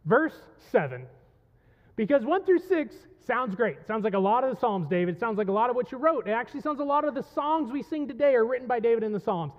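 A male pastor preaching a passionate sermon to his congregation, swinging between quiet reflection and loud pleading. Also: very high-pitched, sing-song, fairly quick, big-room sound, muffled recording. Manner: impassioned, rising to loud pleading when voicing the psalm. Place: church sanctuary.

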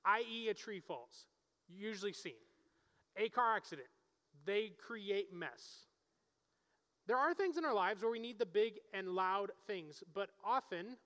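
Bright high-voiced man preaching in a reverberant hall. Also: expressive, a little slow. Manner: conversational, checks in with the crowd. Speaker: pastor. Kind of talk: sermon. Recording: long reverb of a large hall.

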